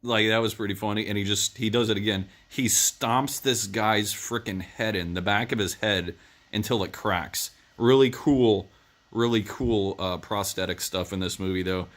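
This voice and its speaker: A man's voice: fairly low pitch, fairly even intonation, moderate pace, fairly bright tone. A man giving a casual movie review, rambling through the plot with lots of "uh" and "um". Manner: rambling plot retelling with many fillers.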